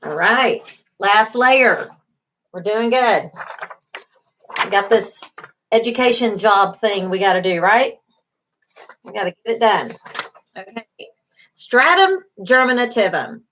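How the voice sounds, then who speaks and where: A woman's voice: medium pitch, expressive, slow pace, long pauses, a bit bright, slight background noise. A middle-aged woman, a beauty school instructor giving an online class lecture, encouraging, with many fillers, repeating key terms.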